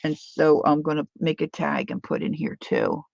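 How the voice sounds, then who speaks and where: A woman's voice: sits low, sing-song, normal speed, gravelly, a little mellow, no room sound, muffled recording. A woman hosting a live crafting stream, chatting casually and thinking aloud while she works, with playful sound-words. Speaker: crafting livestream host.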